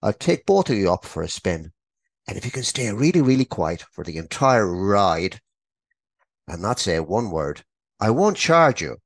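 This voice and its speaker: A man's voice: fairly low pitch, big pitch swings, moderate pace, no echo, studio quality, pitched below the performer's own voice. A man doing an exasperated stunt pilot. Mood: bargaining. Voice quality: exasperated, swearing. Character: blustering male stunt pilot.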